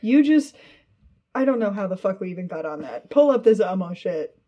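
A woman co-hosting a casual, profane chat, quick and given to quips and acted-out quotes. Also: mid-range voice, big pitch swings, dull audio. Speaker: podcast co-host.

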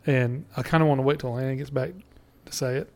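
A man's voice: medium pitch, steady tone, quick pace. A man, co-hosting a casual podcast, blunt and swearing freely with frequent laughs. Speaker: podcast co-host. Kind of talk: casual chat.

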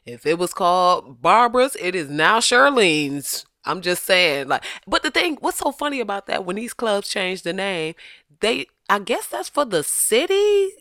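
With a medium-pitched voice and a slightly slow pace, a podcast host jokes through casual conversation, animated and laughing a lot, and shifts into voices for quotes. The sound is clean studio audio with no room sound.

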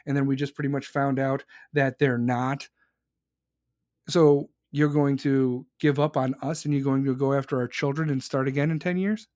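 A young man, his voice a bit higher than most, delivers a heated, profanity-laced rant as a show host. The sound is close and dry, with no room around it. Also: darkish tone, no room sound. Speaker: podcast host. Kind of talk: angry political rant.

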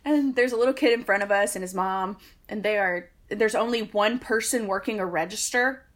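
A woman's voice: mid-range voice, moderate pace. Woman ranting thru a story on a podcast, dry and fed up. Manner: exasperated, wry storyteller. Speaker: podcast co-host. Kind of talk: casual storytelling chat.

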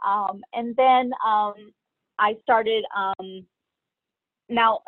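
A middle-aged woman telling her own story as an interview guest, hesitant and pausing often between her thoughts. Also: medium pitch, steady tone, no room sound. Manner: hesitant, many pauses and fillers. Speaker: guest sharing personal story. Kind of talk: candid personal storytelling. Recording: tinny phone-like line, dry.

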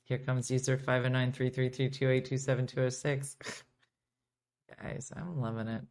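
A middle-aged woman hosting a casual live-streamed morning chat, swinging from quiet asides to loud exclaiming. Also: a bass voice, little pitch movement, normal speed. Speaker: morning show host.

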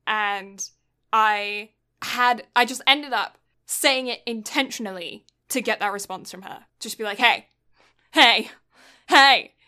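A woman's voice: fairly high pitch, bright, forceful tone. A young woman from Britain telling a long story in casual chat, rambling with lots of fillers and getting exasperated.

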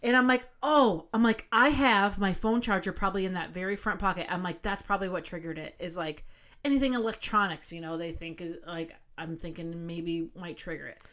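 Swearing, animated woman telling a story. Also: lowish voice, fairly quick. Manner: animated storyteller, swears freely, acts out what she said. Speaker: podcast co-host. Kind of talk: casual chat, storytelling.

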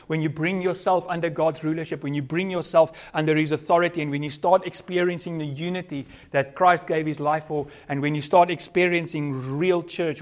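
A man pastor with a South African accent, preaching a sermon with earnest, varied loudness and closing in prayer. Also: a little high.

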